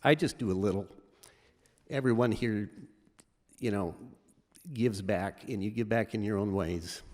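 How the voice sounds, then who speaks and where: A middle-aged man giving an award acceptance speech, halting and emotional, with many fillers and restarts. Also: on the low side, darkish tone. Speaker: award recipient. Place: large event hall. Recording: reverberant hall with audience.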